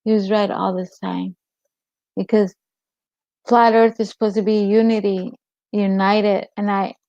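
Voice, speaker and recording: Gravelly woman hosting a casual live chat. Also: medium pitch, flat delivery, unhurried, mellow, no room sound. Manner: rambling, answers viewer comments by name. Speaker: livestream host. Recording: dull lo-fi stream audio.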